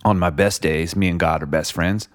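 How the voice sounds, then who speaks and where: A man's voice: sits low, steady tone, brisk, no room sound, clean studio sound. A man talking reflectively in a casual conversation, rambling with lots of "like" and "you know". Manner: reflective, rambling, many likes and you knows.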